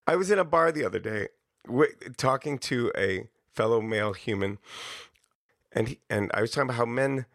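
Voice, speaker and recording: A man's voice: mid-range voice, animated, a little fast, a bit bright, no echo, clean studio sound. A man hosting a podcast, talking in a chatty, self-deprecating way and laughing often. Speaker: podcast host. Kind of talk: casual conversation.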